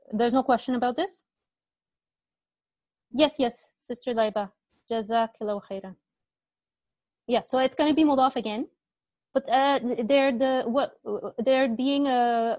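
A woman's voice: on the high side, dry recording. A woman teaching an online Arabic grammar class, patiently asking her students questions and repeating their answers.

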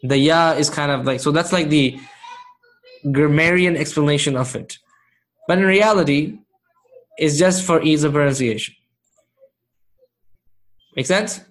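A man's voice: fairly high pitch, measured pace, long pauses. A man teaching Arabic grammar to a live class, patient, often checking whether students follow.

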